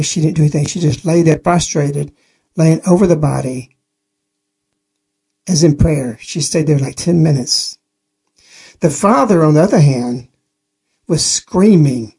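A man's voice: a little high, measured pace, vocal fry, pauses often, a little mellow, husky. A man giving an earnest spoken testimony on a religious radio program, telling the story plainly and repeating key phrases.

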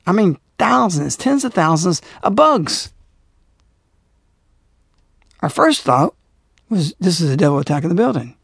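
A man's voice: high-pitched, creaky, no echo, clean studio sound. Emphatic preaching male radio host. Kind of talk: religious radio talk.

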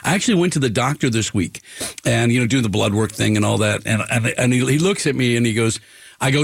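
A man's voice: mid-range voice, fast, vocal fry, husky, dry recording. A man in his fifties hosting a local sports talk radio show, chatty and self-deprecating, stumbling over repeated words. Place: radio studio. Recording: dry studio sound.

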